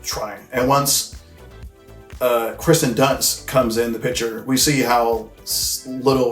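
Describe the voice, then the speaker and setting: A man recapping and reviewing a film in loose, casual talk, full of slang and swearing. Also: medium pitch. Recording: echoey room with faint music.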